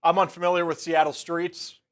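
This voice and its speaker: A man's voice: fairly high pitch, little pitch movement, fairly quick, fairly bright tone. A man co-hosting a live sports show, casually describing footage with fillers.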